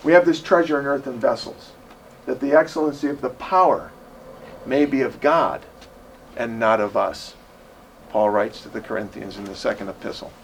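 In a church, a man preaches an impassioned, emphatic sermon, swinging from loud declarations to quiet, drawn-out lines. His medium-pitched voice is creaky, with a little hiss or hum.

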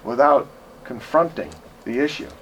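A man preaching a sermon in a church, impassioned and emphatic, swinging from loud declarations to quiet, drawn-out lines. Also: mid-range voice, lively intonation, a little hiss or hum.

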